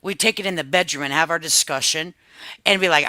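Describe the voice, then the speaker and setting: A woman in her fifties hosting a livestream, chatting casually with viewers in a sassy, animated way and laughing often. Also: low-pitched, brisk, no echo. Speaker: livestream host. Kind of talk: casual chat reacting to viewers.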